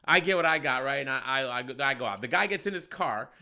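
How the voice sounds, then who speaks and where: A man's voice: mid-range voice, fast talker, creaky. A man telling a story in casual chat, acting out the people in it and laughing often. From Michigan, United States. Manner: animated storyteller, acts out voices, laughs often. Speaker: podcast host.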